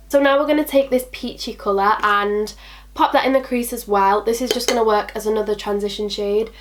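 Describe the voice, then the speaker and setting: A young woman chatting bubbly and casually through a makeup tutorial, talking to herself and her products as she goes. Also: medium pitch. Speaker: beauty vlogger.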